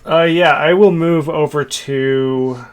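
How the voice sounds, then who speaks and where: Man, tabletop player, slow and hesitant, smooth resonant tone. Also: a little high, fairly even intonation.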